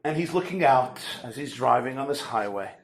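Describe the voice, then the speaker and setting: A man's voice: medium pitch, lively intonation, normal speed, vocal fry. A rabbi giving a lecture to a large audience, telling stories animatedly and joking with his listeners. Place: community center hall.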